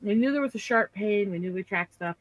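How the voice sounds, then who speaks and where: A woman's voice: medium pitch, fairly quick, no room sound, poor audio. Woman on a stream ranting about her week, fired up, dry close mic. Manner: indignant animated storytelling. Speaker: livestream host. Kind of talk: casual chat.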